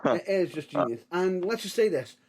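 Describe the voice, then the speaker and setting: An enthusiastic man with a fairly high-pitched voice, co-hosting a casual podcast. He rambles, doubles back and restarts his sentences as he gets excited. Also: moderate pace, a little hiss or hum. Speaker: podcast co-host. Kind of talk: casual chat.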